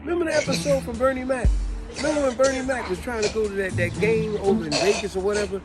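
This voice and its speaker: A man's voice: high voice, fast, over loud music. A man hosting a vlog, explaining things casually and telling stories with acted-out quotes and sneezes. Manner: animated storyteller who acts out quotes and sneezes. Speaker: vlog host.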